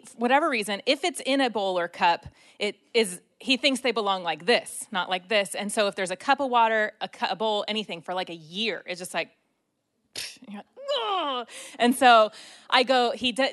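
Woman, 30s, animated self-deprecating storyteller, conversational delivery. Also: fairly high pitch. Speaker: speaker sharing a personal story. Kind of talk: storytelling talk.

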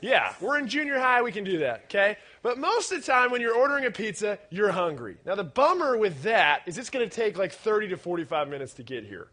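A man delivers a youth-group sermon in a high, ringing voice. He is playful and animated, teasing his young listeners with questions and punching key lines up to a shout. The tone is bright and a little sharp. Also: brisk, few pauses. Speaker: youth pastor.

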